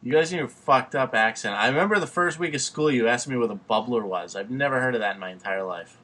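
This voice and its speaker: Bright-voiced New York man ribbing a friend. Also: medium pitch, quick pace. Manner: loud, teasing, swearing freely. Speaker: podcast host. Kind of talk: casual podcast banter.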